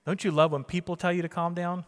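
A man's voice: high-pitched, little pitch movement, fast, in a large hall. A man preaching a sermon as pastor, emphatic, repeating key phrases and putting questions to the congregation.

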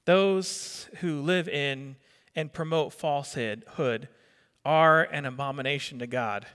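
High, bright-voiced middle-aged preacher. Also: male voice, slow, clean tone. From New Jersey. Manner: conversational, quizzes the congregation, repeats words. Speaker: pastor. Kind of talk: sermon. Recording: long reverb of a hall.

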